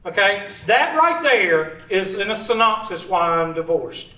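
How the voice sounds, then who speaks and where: A man lectures a math class in a high-pitched, sing-song voice that is pushed and bright, keeping a measured pace. Blunt and jokey, he wanders into stories, and the lo-fi room recording is roomy, distant, and dull.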